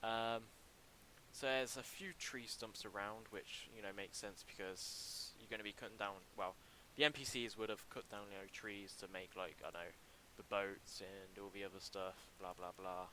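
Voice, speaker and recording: A young man chats through a livestream as he works on a game level, his fairly low voice carrying a bright, forceful edge. He talks in a halting way, full of ums and restarts, close to a desk mic with a faint hiss behind. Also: steady tone, low-quality recording. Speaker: livestreamer building a game mod. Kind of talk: casual livestream commentary.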